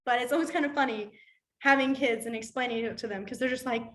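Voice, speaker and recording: A woman's voice: fairly high pitch, quick pace. A woman teaching a casual sign language class, chatty and full of fillers as she demonstrates and tells stories. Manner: chatty, filler-heavy, animated storytelling.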